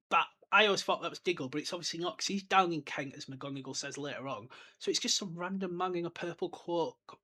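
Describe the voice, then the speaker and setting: A man's voice: fairly high pitch, sharp tone. A young man hosting a solo podcast, chatting enthusiastically and rambling off on tangents. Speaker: podcast host. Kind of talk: casual solo podcast book discussion.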